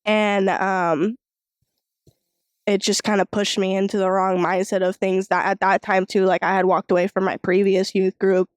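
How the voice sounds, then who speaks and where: A woman's voice: mid-range voice, moderate pace, clean tone, no echo, clean studio sound. A young woman guest on a church podcast, a worship singer, chatting loosely with lots of "like". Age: young adult. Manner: relaxed, many "like" fillers, agreeing murmurs. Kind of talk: casual interview chat.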